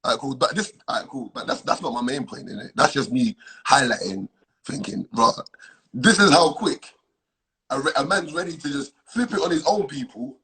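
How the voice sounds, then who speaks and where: A man's voice: mid-range voice, normal speed, breathy edge, poor audio. A man calling into a live stream to argue insistently, tagging his points with "bro.". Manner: insistent, argumentative, lively.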